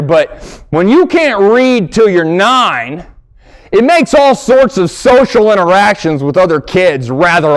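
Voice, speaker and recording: A man doing a stand-up comedy set on stage, telling stories and acting out characters. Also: high voice. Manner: animated storytelling, acts out characters. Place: stage before a live audience.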